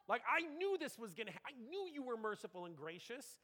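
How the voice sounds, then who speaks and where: Higher-voiced man preaching a sermon. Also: fairly quick, few pauses, big-room sound. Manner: animated, conversational, acts out quotes.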